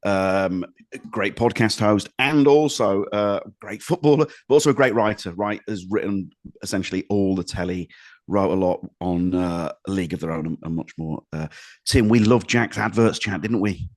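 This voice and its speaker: A man's voice: low-pitched, moderate pace, no echo. Dry-sounding man spinning a story. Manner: rambling anecdotal storyteller, restarts and hedges. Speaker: podcast co-host. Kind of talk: casual podcast chat.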